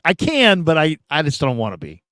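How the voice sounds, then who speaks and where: A man's voice: on the high side, fairly quick, no echo. Male sports talk host, middle-aged, raised voice, dry close sound, rambling storyteller. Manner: rambling, animated storytelling, acts out quotes loudly. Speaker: show host. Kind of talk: casual live-stream sports talk.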